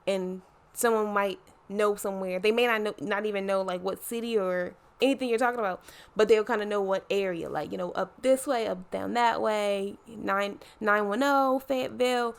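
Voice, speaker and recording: A woman's voice: mid-range voice, normal speed, creaky. Chatty Baltimore woman with a Southern twang. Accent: Baltimore with a slight Southern twang. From Baltimore, Maryland. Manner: chatty, slangy, playful asides. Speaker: vlogger. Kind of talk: casual chat to camera.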